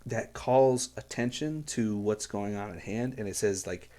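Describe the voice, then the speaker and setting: A man's voice: on the low side, a little slow, warm tone. A man hosting a music reaction video, talking in an earnest, rambling way with many fillers and restarts. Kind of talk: casual reaction commentary.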